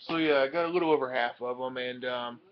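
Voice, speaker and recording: A man's voice: mid-range voice, fast. Young guy showing off his comic haul, lots of ums, kinda muffled lo-fi audio. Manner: rambling, with many ums and uhs. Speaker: comic book collector showing purchases. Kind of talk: casual show-and-tell vlog. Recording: dull lo-fi home recording.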